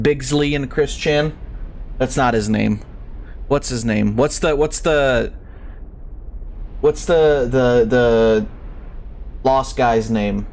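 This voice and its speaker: A man's voice: medium pitch, darkish tone. A young man streaming a game, chatting casually in a rambling, profane, ranting way. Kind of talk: casual live-stream commentary.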